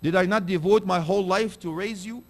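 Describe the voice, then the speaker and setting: A man's voice: high voice, a little fast, pitched above the performer's own voice. A man preaching who voices an aging mother pleading with and reproaching her son.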